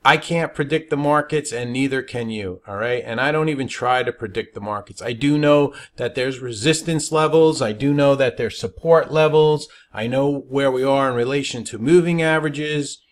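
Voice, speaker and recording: A man's voice: mid-range voice, normal speed, hardly any pauses. A man teaching stock trading in a webinar, talking emphatically and checking in with "all right?" after his points. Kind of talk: webinar presentation.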